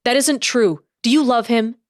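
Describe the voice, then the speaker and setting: A woman's voice: fairly high pitch, moderate pace, no room sound, studio quality, voice pushed up, natural voice. A woman doing a penitent young pirate brother, pleading. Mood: earnest. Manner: earnest, pleading.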